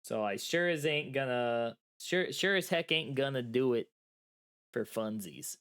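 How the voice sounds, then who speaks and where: A man's voice: medium pitch, animated, a little slow, fairly bright tone, smooth. A man co-hosting a podcast in casual chat over a remote call, joking and playfully stubborn. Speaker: podcast co-host. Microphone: remote call mic.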